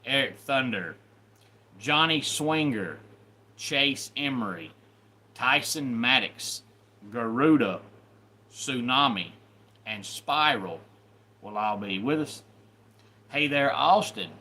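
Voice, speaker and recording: A man's voice: medium pitch, lively intonation, slow pace, pauses often, sharp tone. A man hosting a live stream, greeting viewers by name in loose, chatty talk. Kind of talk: casual live stream chat.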